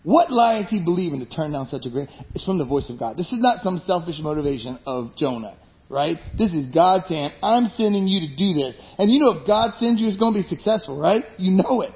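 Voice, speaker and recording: A man preaching a sermon, animated, acting out the voices of people in his stories. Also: fairly high pitch, brisk, highs cut off. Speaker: pastor.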